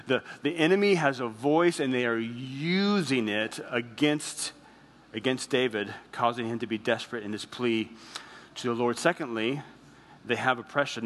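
A man preaching a sermon as pastor, earnest, slowing down and dropping his voice on heavy phrases. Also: medium pitch, a bit bright, long reverb tail.

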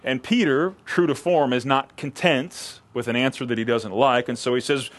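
A man's voice: normal speed, hardly any pauses. A man preaching a sermon, reading scripture and explaining it, acting out the quoted lines and often repeating words as he restarts. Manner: expressive, acts out quoted lines with rising pitch.

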